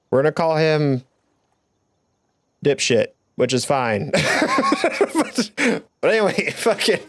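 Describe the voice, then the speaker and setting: A young man telling a story from his time as a Marine, in a rambling, profane style. He laughs now and then through grim moments. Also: medium pitch. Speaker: veteran storyteller, channel host. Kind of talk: casual storytelling vlog.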